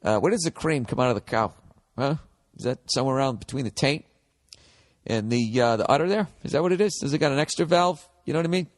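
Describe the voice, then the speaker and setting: A man's voice: mid-range voice, fast talker. A man, hosting a comedy podcast with a profane, sarcastic rant that slips into mocking voices. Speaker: podcast host.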